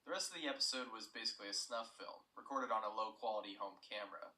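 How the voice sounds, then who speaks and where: A man's voice: on the low side, fast, pushed and bright, reverberant, distant mic, rough recording. A young man retelling a story in scripted narration, plain and matter-of-fact with asides.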